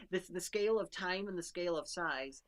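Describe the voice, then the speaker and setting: A woman's voice: lowish voice, normal speed. Nitpicking woman podcast co-host. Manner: argumentative, rambling nitpicker. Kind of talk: casual chat.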